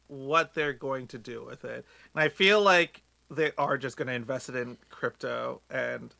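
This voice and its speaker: A man co-hosting a podcast, speaking haltingly and unsure, with plenty of ums. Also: medium pitch, creaky, pushed and bright, no echo. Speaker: podcast co-host. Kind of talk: casual chat.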